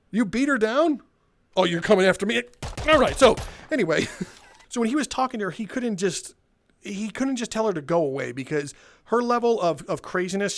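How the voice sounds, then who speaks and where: A young man hosting a gaming video, casually telling a retail story in an animated way, laughing and swearing. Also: sits high. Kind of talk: casual storytelling over gameplay.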